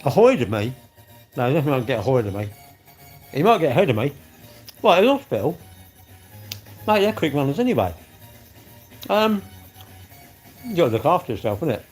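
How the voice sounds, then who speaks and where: A man's voice: fairly high pitch, very animated, fairly quick, pauses often, slightly rough. Chatty man live-streaming, faint music. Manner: chatty, bantering, answers comments aloud. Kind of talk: casual live-stream chat with viewers.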